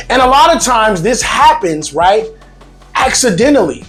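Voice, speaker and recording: A man hosting a casual vlog, talking to viewers in a lively, joking way with emphatic asides. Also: very high voice, moderate pace, faint music behind. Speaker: vlog host.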